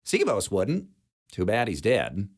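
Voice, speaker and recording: A man's voice: fairly low pitch, huge pitch swings, slow pace, exaggerated voice. A man voicing a blunt, jaded female security chief who smokes and talks in a dry, sardonic way.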